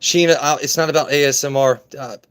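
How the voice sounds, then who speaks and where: A man's voice: fairly high pitch, fairly even intonation, fast talker, a bit bright, clear, resonant tone. A man hosting a casual whiskey-tasting live stream, joking and greeting viewers in chat. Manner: jokey, chatty, reads and greets chat. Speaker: livestream host reviewing whiskey.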